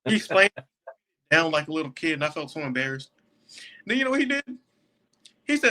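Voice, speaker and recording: Bright-voiced young man telling a story. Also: fairly high pitch, big pitch swings, brisk, long pauses. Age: young adult. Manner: laughs often while telling the story. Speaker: podcast guest, jail deputy. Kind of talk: casual storytelling.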